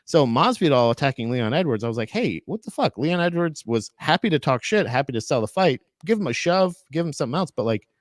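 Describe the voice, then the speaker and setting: Podcast co-host, man, mid-pitch, rambling delivery, dry close sound. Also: lively intonation, fast talker, hardly any pauses, no room sound. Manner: rambling, many restarts, laughing asides. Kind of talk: casual chat.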